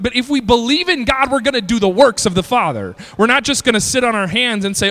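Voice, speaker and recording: A male pastor preaching a sermon, reading scripture slowly and breaking into shouted bursts. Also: high-pitched, expressive, in a large hall.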